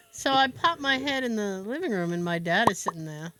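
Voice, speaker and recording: A woman's voice: medium pitch, fairly quick. A woman podcast host telling a family story in casual chat, acting out quoted dialogue. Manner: animated storyteller who acts out quoted dialogue and laughs often.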